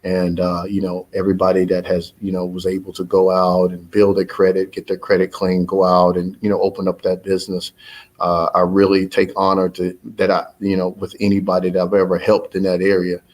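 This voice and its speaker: With a low, monotone, darkish voice and a brisk pace, a business owner likely in his thirties talks to his followers. It's an informal, motivational update on his business that wanders, stumbling through fillers and false starts.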